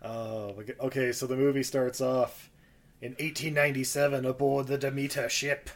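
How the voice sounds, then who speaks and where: A man's voice: mid-range voice, flat delivery, normal speed. Chatty man recapping a movie. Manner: chatty, laughs often, rambling asides. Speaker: podcast co-host. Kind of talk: casual movie recap chat.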